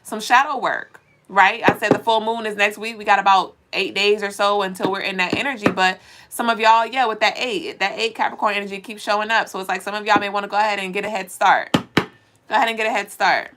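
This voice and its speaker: A woman's voice: mid-range voice, fairly even intonation, fairly quick, background noise. A woman hosting a live spiritual card reading, talking bluntly and preachily and swearing now and then. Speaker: spiritual reader.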